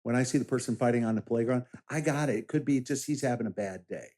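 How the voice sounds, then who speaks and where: A middle-aged man speaks with blunt, emphatic conviction at an average pitch, leaning into his points. He tells stories and stresses his words to drive them home. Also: quick pace, dark tone. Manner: emphatic, direct, tells anecdotes with quoted voices. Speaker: political candidate, former law enforcement officer. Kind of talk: casual interview conversation.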